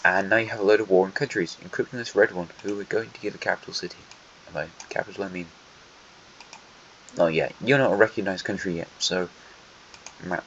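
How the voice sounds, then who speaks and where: A man with a lowish voice gives casual alternate history map commentary, tossing dry jokes at the countries as he goes. The recording sounds a little dull and lo-fi, with a faint hiss and some quiet typing behind him. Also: steady tone, fairly quick, long pauses. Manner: dry, joking asides that address countries directly.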